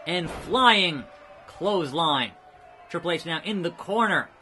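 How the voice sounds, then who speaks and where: A man hosting a let's play, giving excitable, jokey wrestling play-by-play with sudden shouts. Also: a little high, a little slow, faint music behind. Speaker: host.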